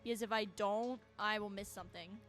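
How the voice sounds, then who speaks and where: A woman's voice: medium pitch, fairly even intonation, fairly quick, a bit bright, faint music behind. A woman giving casual commentary as she plays a horror game, with wry, sarcastic asides. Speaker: let's play streamer.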